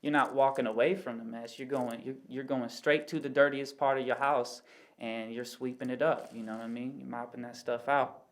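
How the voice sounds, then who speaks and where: Flat-voiced man musing earnestly. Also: mid-range voice, normal speed. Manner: rambling, full of "you know what I mean" asides; earnest, explains with everyday analogies. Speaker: podcast guest. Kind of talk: casual reflective conversation.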